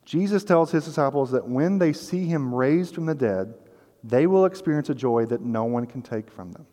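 Pastor preaching in a reverberant church. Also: male voice, mid-range voice, lively intonation, normal speed, warm tone. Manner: earnest preaching, acting out the disciples' voices. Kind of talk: sermon. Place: church sanctuary. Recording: long hall reverb.

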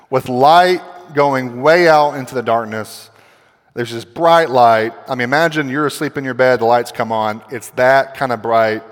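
A man's voice: medium pitch, fairly bright tone. A man preaching a sermon, explaining scripture in a conversational teaching manner and stressing quoted lines. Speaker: pastor. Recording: long hall reverb.

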